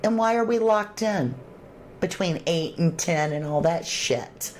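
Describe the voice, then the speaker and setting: An animated woman with a lowish, slightly mellow voice speaks at a measured pace over a faint hiss or hum. On her true crime livestream she reads viewer comments aloud, chats casually, and thanks viewers with endearments.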